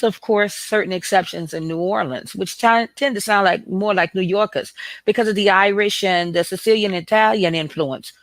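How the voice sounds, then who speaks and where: A woman's voice: medium pitch, dry recording. A woman from the American South with a Southern accent, explaining confidently and demonstrating as she talks. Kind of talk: explanatory talk clip.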